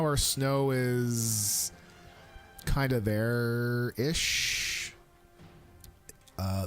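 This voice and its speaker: Chatting casually on a live stream, a man in his thirties rambles along with plenty of fillers and restarts, and he puts on a high, squeaky voice whenever he quotes his young son.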